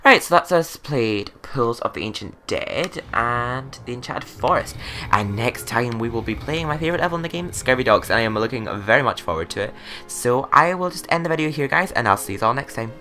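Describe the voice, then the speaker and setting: Young guy rambling over a game, bright voice, faint music under it. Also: medium pitch, animated, fairly quick. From Scotland. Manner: chatty, joking, tired. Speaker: let's play commentator. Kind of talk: casual game commentary.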